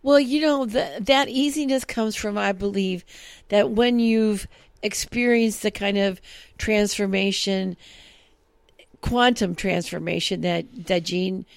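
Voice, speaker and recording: Woman, casual chat co-host, gravelly voice, very slow, reflective, dry close sound. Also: mid-range voice, no echo. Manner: slow, reflective, gives frequent short agreements. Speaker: podcast co-host.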